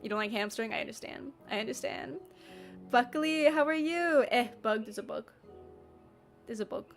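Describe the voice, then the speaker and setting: A woman's voice: on the high side, moderate pace, faint music behind. Giggly woman chatting on stream. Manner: giggly, chatty, answers chat messages. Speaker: livestream host reading chat. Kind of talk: casual livestream chat.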